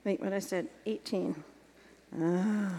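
A woman leads an evening teaching workshop for a group. She guides them through each step and keeps checking whether they follow. Her voice sits at an ordinary middle pitch, and a long reverb trails each phrase as if she is in a large hall. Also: steady tone, takes it slowly, dark tone, slight background noise. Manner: guiding, asks the group checking questions. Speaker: workshop leader teaching Bible exposition.

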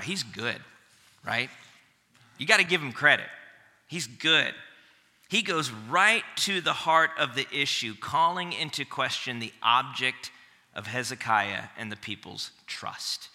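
A man's voice: medium pitch, bright, forceful tone, in a large hall. A man preaching a sermon in a conversational way, often repeating a word as he restarts a phrase. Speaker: pastor.

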